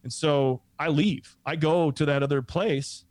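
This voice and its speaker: Speaking at a measured pace in a fairly high voice, a middle-aged man spins a long, wandering yarn, animated and acting out other people's words. The recording is dry.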